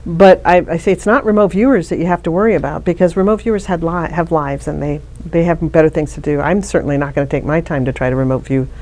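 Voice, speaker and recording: A woman's voice: deep voice, fast talker, hardly any pauses, darkish tone. A middle-aged woman, an interview guest, telling a personal story in a chatty way with frequent restarts. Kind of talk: casual interview conversation.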